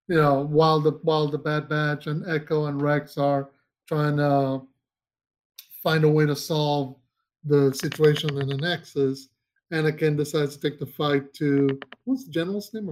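A man's voice: on the high side, fairly even intonation, normal speed, darkish tone, slight background noise. A man co-hosting a casual podcast chat, rambling with restarts and searching for names as he talks. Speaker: podcast co-host.

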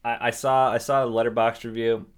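A man's voice: medium pitch, flat delivery, fairly quick, clear, resonant tone. A man co-hosting a movie podcast in casual, rambling chat, swearing now and then. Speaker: podcast co-host.

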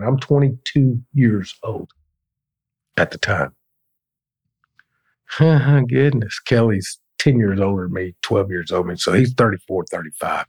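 A man's voice: lowish voice, unhurried, long pauses, darkish tone, husky. A man, a business owner telling blunt, profane stories as a podcast guest. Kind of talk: casual storytelling.

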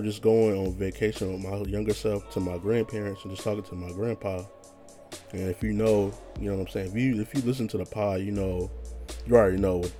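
A man's voice: on the low side, dark tone. A young man hosting his own podcast, rambling casually in a laid-back, profane, slang-heavy monologue. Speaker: podcast host.

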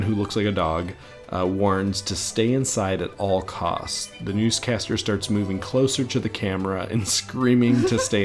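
A man co-hosting a podcast, casually retelling an episode idea with relaxed fillers. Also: low-pitched. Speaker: podcast co-host.

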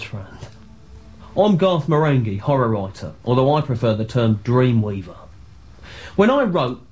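Guy doing a puffed-up horror author, dead serious, grand and smug, mid pitch. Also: lightly acted. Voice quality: grandiose, deadpan and self-satisfied. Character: pompous self-important male horror writer. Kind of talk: scripted comedy monologue.

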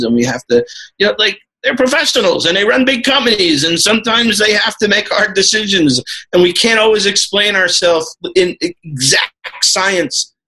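A man's voice: on the high side, bright, forceful tone, rough recording. A man from New York, a podcast guest, talking in a rambling, casual way with lots of fillers and laughing asides.

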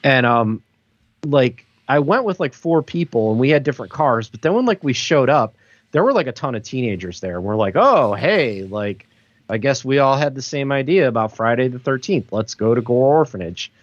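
A man in his thirties tells a long story in a loose, rambling way, packing it with fillers. His voice sits at an average pitch. The sound is dry and slightly muffled, like a modest home recording. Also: sing-song, moderate pace, no room sound. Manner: rambling, many "like" fillers, laughs through the story. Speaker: podcast co-host. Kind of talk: casual storytelling chat.

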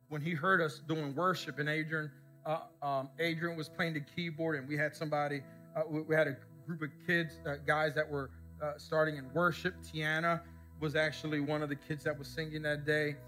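A male pastor with a high, bright voice delivers a sermon in church, moving between easy storytelling and questions thrown back at the congregation. Soft music sits faintly behind him. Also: steady tone, brisk. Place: church service before a congregation.

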